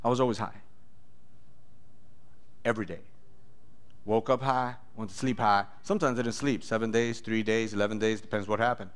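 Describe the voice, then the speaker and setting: A pastor telling his testimony in a sermon, animated, acting out voices and often laughing. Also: lowish voice, moderate pace, pauses often, clean tone.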